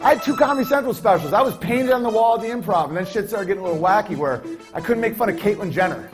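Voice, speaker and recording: A man doing a high-voiced brash stand-up comic. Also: expressive, rapid-fire, over music. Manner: rambling, provocative, laughs through lines. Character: brash male stand-up comic ranting onstage. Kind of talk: stand-up comedy bit.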